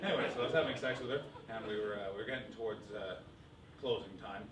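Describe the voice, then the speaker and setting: A man performing live stand-up comedy, energetic, jumping into loud mock voices. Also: on the low side, fast talker, very noisy. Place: comedy club stage. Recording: roomy live club sound, distant mic, loud crowd laughter. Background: audience laughing.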